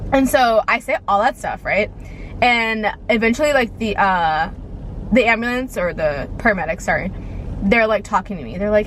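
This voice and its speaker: A woman's voice: mid-range voice, animated, brisk, a bit bright, rough recording. A young woman tells a personal story in a loose, rambling way. She piles up "like" and keeps checking in with "okay?". Faint noise hums behind her. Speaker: vlogger telling a story. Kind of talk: casual storytime monologue.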